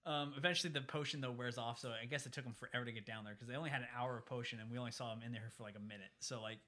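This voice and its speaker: A man's voice: mid-range voice, steady tone, rapid-fire, bright, forceful tone. A man in casual chat about a movie, rambling and filling his sentences with "like". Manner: rambling, heavy use of "like".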